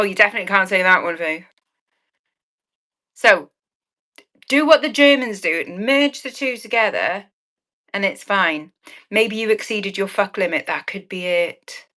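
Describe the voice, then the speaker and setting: Slow-talking cheeky woman. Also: medium pitch, sharp tone. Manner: chatty, cheeky and swearing, laughing at chat messages. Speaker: online auction seller. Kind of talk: casual live-stream selling chat.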